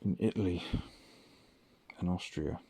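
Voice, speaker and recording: A man's voice: low voice, a little slow, mellow, slightly rough. A man telling stories in a rambling late-night audio log, full of ums and casual swearing. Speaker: vlogger.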